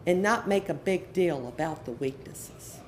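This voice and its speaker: A woman's voice: on the low side, lively intonation, a little slow, a little hiss or hum. A middle-aged woman speaking earnestly at a conference session as an educational counselor, repeating her key points for emphasis. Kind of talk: conference presentation to an audience.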